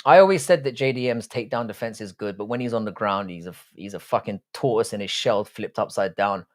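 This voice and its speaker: A man's voice: lowish voice, quick pace. A young British man hosting a live stream, chatting casually and crudely as he answers viewer comments with profane, joking banter.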